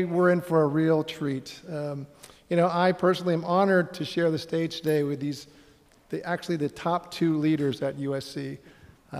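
A middle-aged man speaks on a conference stage with a slightly raised pitch, earnest and upbeat, now and then pausing on an "um". His voice rings out with a long reverb from the big hall around him. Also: gravelly, darkish tone. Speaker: panel moderator. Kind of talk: conference panel moderating.

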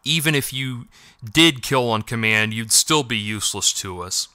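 A man's voice: medium pitch, expressive, normal speed, pushed and bright, clear, resonant tone, dry recording, clean studio sound. A man doing a cold old cat elder. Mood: stern. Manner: cold, harsh, commanding.

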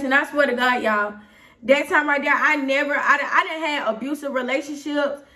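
A young Atlanta woman with a high voice runs through a story in a loose, rambling way, checking in with her listeners again and again. She sounds a little distant from the mic. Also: expressive, moderate pace, sharp tone. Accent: Southern US, Atlanta. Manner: rambling and candid, frequent "you feel me", growing heated. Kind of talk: casual storytime vlog.

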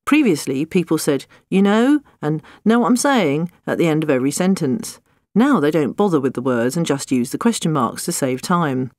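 A narrator reads a comic nonfiction audiobook with a dry, wry wit. The voice sits at a middling pitch and is recorded close and dry, with no room sound around it. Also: animated, fairly quick, no echo.

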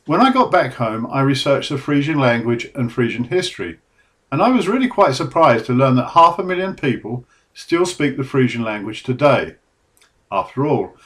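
A middle-aged man from England, reading scripted documentary narration about his own book in a measured, earnest way. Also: mid-range voice.

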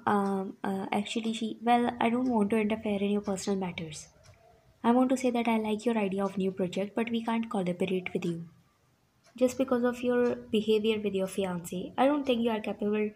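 A woman's voice: mid-range voice, fairly even intonation, moderate pace, warm tone, breathy edge, close to an everyday voice. A woman reading the lines of a male businessman, formal and hesitant, in a narrated fan story. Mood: awkward.

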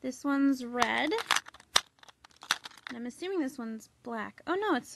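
A young woman filming a casual haul video, gushing excitedly with lots of "like" and "oh my god". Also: sits high, a little slow, creaky, pauses often, background noise. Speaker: vlogger showing a haul.

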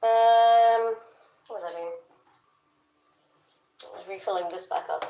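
A woman's voice: a little high, fairly even intonation, unhurried, long pauses, warm tone, lo-fi sound. A young woman chatting playfully on a live stream, talking to her pets and her viewers. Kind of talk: casual live-stream chat. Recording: echoey room.

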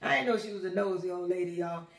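A woman's voice: on the low side, quick pace, echoey room. A woman telling a long personal story in a casual, conversational way, talking straight to her listeners. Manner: animated, conversational, addresses listeners as y'all.

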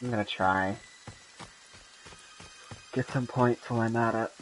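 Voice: medium pitch, fairly even intonation, unhurried, slight background noise, rough recording. A young adult gaming channel host giving casual gameplay commentary, telling stories in a rambling way with lots of ums and sudden bursts of laughter.

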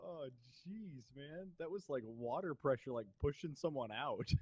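A man's voice: a little high, animated, normal speed, no echo. A young man playing a game with a friend, teasing and laughing a lot. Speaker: streamer's co-player. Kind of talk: casual gaming chat.

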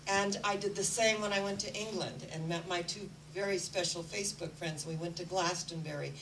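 A woman's voice: fairly low pitch, steady tone, brisk, recorded from a distance, noisy background. A woman spiritual teacher giving an earnest inspirational talk and telling stories. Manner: earnest, storytelling.

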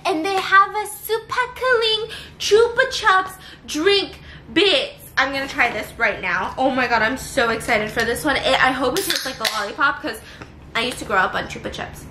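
A woman vlogger chatting casually and excitedly, exclaiming often and swearing now and then. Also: high-pitched, moderate pace. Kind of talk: casual vlog chat. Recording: echoey room with background noise.

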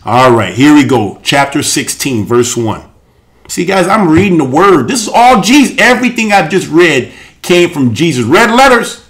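A man hosting a live show, preaching and reading scripture with fervor, often breaking into shouts. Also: high voice, big pitch swings. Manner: fervent, often shouting, rapid swings into loud exclamations. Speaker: host and preacher.

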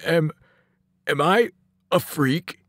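A man voicing a huge, gentle teenage boy who talks like a much younger child, halting and trembling. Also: a little high, lively intonation, dry recording, pitched above the performer's own voice. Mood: tearful.

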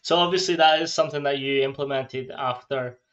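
A man interviewing a boxer, asking relaxed questions and giving short backchannels. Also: mid-range voice, a little fast. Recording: dull lo-fi sound.

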